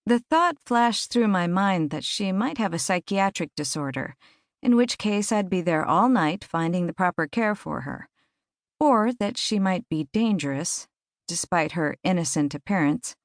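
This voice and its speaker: A woman reading a thriller audiobook in measured, clear first-person narration. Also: fairly low pitch, lively intonation, no echo, studio quality.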